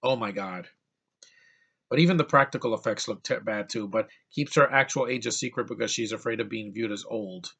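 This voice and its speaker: A man's voice: on the low side, brisk, vocal fry, pushed and bright, husky. A man giving a ranting film review, exasperated and profane, often stumbling and restarting his sentences. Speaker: movie reviewer.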